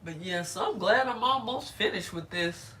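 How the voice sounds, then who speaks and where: A woman's voice: mid-range voice, moderate pace, fairly bright tone, a little hiss or hum. A middle-aged woman chatting casually on a live stream while doing her hair, laughing often and greeting viewers by name.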